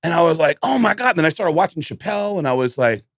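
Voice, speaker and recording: Comedian guest, male, energetic storyteller who mimics people, dry close mic. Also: a little high, fast talker, no room sound. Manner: animated storyteller who acts out voices. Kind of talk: casual storytelling chat.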